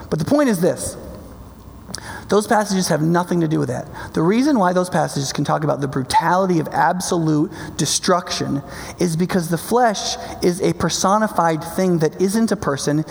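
A man's voice: high-pitched, vocal fry, long reverb tail. A man preaching a sermon in an emphatic, conversational way, often checking in with his listeners. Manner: emphatic, conversational, keeps asking "right?".

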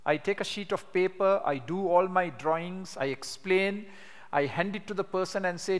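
An older man with a slightly high voice teaches a class, telling lively stories and reading verses slowly with emphasis. His voice rings out with a long hall reverb. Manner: animated storytelling, reads scripture slowly with emphasis. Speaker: evangelism trainer.

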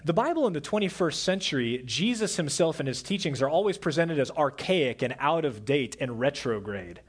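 A middle-aged male pastor preaching an earnest sermon, dropping to a soft hush on key words. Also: on the high side, sing-song, moderate pace, husky.

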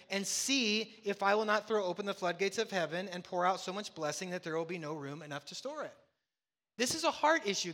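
A man's voice: high voice, pushed and bright, in a large hall. A man preaching a sermon as pastor, emphatic, asking rhetorical questions and answering them.

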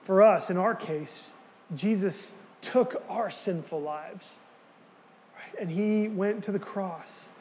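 A man preaching a sermon, earnest and emphatic, dropping to quiet words for key lines. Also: sits high, slow pace, big-room sound, slight background noise. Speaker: pastor.

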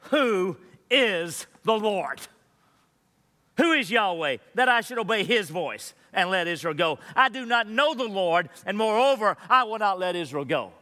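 A man's voice: sits high, bright, forceful tone, big-room sound. A man preaching a sermon as pastor, conversational and emphatic, asking rhetorical questions of his congregation.

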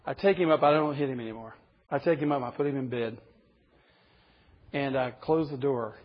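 A man's voice: fairly high pitch, brisk. A man in his fifties, a pastor preaching a sermon in an emphatic, humorous storytelling way. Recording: dull lo-fi recording.

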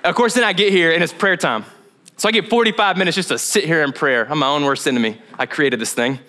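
A young male pastor preaching in a church, with a slightly high, bright voice. He tells his stories casually and jokes at his own expense, acting out the voices in them. The sermon stays loose and conversational. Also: quick pace. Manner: casual, joking storytelling with laughs and acted-out inner dialogue.

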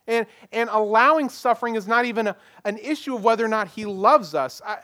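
A man's voice: high-pitched, fairly quick, sharp tone. A man preaching a sermon as pastor, plain and conversational, leaning on rhetorical questions. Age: adult parent.

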